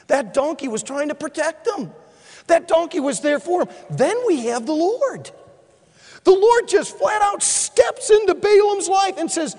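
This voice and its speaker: A male preacher giving a sermon as an animated storyteller who acts out the scenes and drops to a hushed tone for appeals. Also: extremely high pitch, a little slow. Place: church hall. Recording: long hall reverb.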